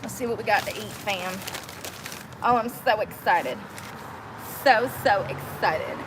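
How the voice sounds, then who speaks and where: A woman's voice: mid-range voice, unhurried. A woman vlogger talking to herself as she walks outdoors, chatting in a blunt, slangy way into a handheld phone on a windy street. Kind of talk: casual self-talk vlog. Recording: wind and traffic noise outdoors.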